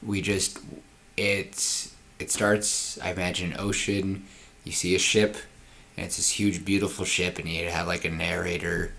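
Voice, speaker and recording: A man's voice: low-pitched, a little slow, creaky. A man co-hosting a podcast, casually brainstorming a story and acting out its scenes. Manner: animated, acts out scenes. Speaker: podcast co-host.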